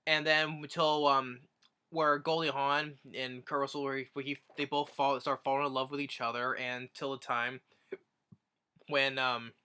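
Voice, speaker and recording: A man's voice: medium pitch, little pitch movement, moderate pace, bright, forceful tone, smooth. A man casually retelling a movie's plot as a reviewer, rambling with many restarts. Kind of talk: casual film review recap.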